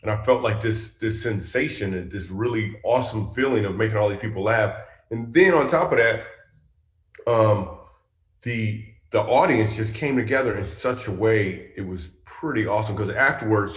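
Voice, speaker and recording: A middle-aged male comedian telling stories in an animated, chatty interview style. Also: lowish voice, moderate pace, echoey room. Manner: animated, chatty storytelling with asides. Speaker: comedian guest. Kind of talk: storytelling interview.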